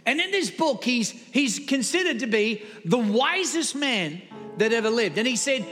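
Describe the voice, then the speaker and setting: A male preacher with a strikingly high, bright voice delivers a storytelling sermon, tossing jokey asides to his listeners. His words ring out with a long hall reverb. Soft music plays underneath. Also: sing-song, moderate pace.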